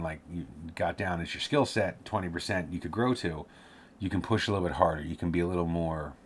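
A man's voice: low voice, slight background noise. A man giving casual career advice, rambling and correcting himself, sometimes laughing at his own tangents.

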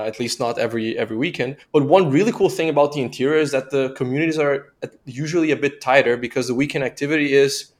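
A man who grew up in Brazil, calmly explaining lifestyle differences on a podcast. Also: mid-range voice. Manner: relaxed, explanatory, ends points with right. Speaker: podcast guest. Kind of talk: casual explanation.

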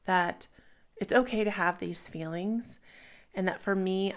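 A mother in her thirties speaks with a candid, reflective openness, her voice sitting a little low with a gravelly edge of fry. She tells her stories plainly, as if sharing with a friend. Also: fairly bright tone. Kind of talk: personal vlog monologue.

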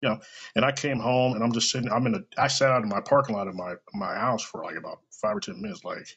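A man from Kansas City, chatting casually on a podcast and telling a story with lively quoted voices and a husky, gravelly tone. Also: mid-range voice, fast. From Kansas City, United States. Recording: dull lo-fi recording.

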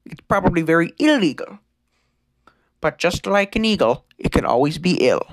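A man's voice: a little high, lively intonation, normal speed, no echo. Rambling man hosting a mock-conspiracy podcast. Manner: rambling, stammering, mock-serious. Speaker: podcast host. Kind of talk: comedic conspiracy monologue.

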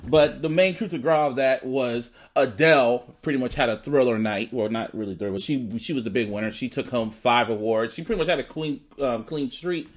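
A man co-hosting a podcast in casual chat, animated, swearing freely and laughing often. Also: medium pitch, fairly quick, hardly any pauses. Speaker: podcast co-host.

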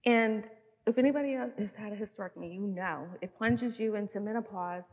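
A woman's voice: medium pitch, brisk. Woman in her fifties preaching in a reverberant hall. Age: 50s. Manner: storytelling, animated, relatable asides to mothers. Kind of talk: conversational sermon.

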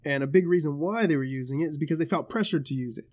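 A man co-hosting a podcast in casual chat, telling stories loosely with swearing, jokes and quick put-on voices. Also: on the high side, a little mellow. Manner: loose, swearing storyteller who does voices and laughs often. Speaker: podcast co-host.

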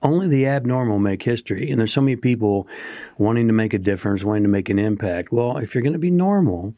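A man's voice: lowish voice, lively intonation, fast talker, no room sound, lo-fi sound. A man co-hosting a motivational talk show, speaking earnestly and asking the listener rhetorical questions. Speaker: podcast co-host.

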